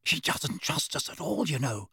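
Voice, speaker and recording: A frank, jumpy teenage boy wizard, as a man puts him on for a storybook reading. The voice sits a little higher than the reader's own and swings up and down with lively feeling, close and dry. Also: brisk, slightly rough, no echo, exaggerated voice.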